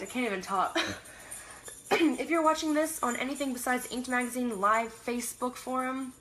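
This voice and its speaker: A woman's voice: fairly high pitch, sharp tone, slight background noise. Chatty young woman on a livestream. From Canada. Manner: chatty, laughs often, trails off and restarts sentences. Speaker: livestream host. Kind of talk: casual live chat reading viewer comments.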